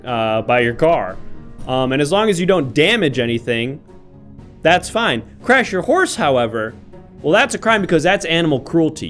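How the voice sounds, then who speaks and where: A man with a somewhat high voice hosts an improv comedy livestream in the role of a mock-formal judge. Over soft background music, he thanks viewers and interrogates the defendants.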